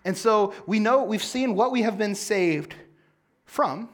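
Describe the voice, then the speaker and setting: A young man preaching a sermon in a casual, conversational way, full of filler words, swinging between loud emphasis and quiet, low asides. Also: a little slow. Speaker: pastor.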